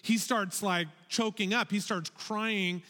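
A man with a high, bright voice leads a children's sermon, speaking slowly and drawing out his words. He keeps asking the kids to say phrases back to him. His voice rings with the long reverb of a large hall. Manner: animated, calls for audience repetition. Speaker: children's pastor.

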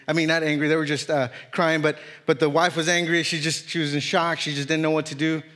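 A man in his thirties preaching a sermon as a guest speaker, telling a personal story earnestly, with many halting restarts. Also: on the high side, a bit bright, long reverb tail.

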